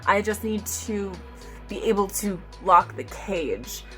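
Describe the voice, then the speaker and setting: A young adult woman chatting casually in a get-to-know-me vlog, bubbly and excitable, with lots of "like" fillers. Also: mid-range voice, takes it slowly, faint music behind. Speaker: vlogger.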